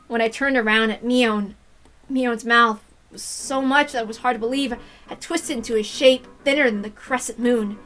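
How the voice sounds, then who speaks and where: A woman reading a visual novel aloud in a quiet, even narration. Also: a little high, moderate pace. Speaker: reader.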